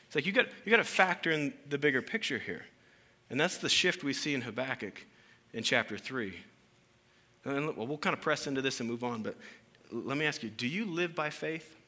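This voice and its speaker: A man's voice: mid-range voice, lively intonation, brisk, sharp tone. A man in his thirties preaching a sermon as pastor, talking casually and jokingly, asking the congregation questions.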